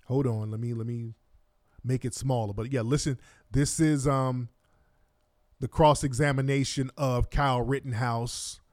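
A man's voice: mid-range voice, steady tone, unhurried, a little mellow, no room sound, studio quality. A man giving indignant, profane, mocking commentary while reacting to court video. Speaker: online commentator.

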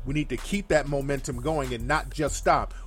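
A man's voice: mid-range voice, steady tone, moderate pace, a bit bright, soft background music. A man hosting a call-in livestream show, delivering blunt, profane, emphatic commentary that repeats its key phrases for force.

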